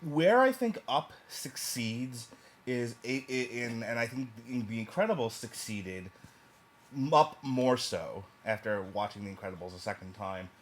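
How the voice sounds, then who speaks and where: A man's voice: mid-range voice, lively intonation, a little slow. A man from New York reviewing a movie in casual chat, blunt and provocative, joking as he goes.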